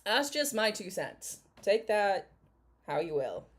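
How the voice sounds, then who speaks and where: A woman's voice: mid-range voice, very animated, slow, slight background noise. A woman vlogger chatting casually in commentary, candid and opinionated, hedging with fillers.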